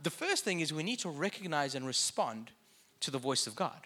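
A man's voice: on the high side, sing-song, brisk, sharp tone. A man preaching a sermon in a conversational way, with joking asides.

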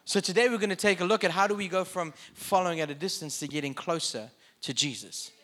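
A man's voice: high voice, fast talker, a bit bright. A man preaching a sermon in a conversational way, with joking asides.

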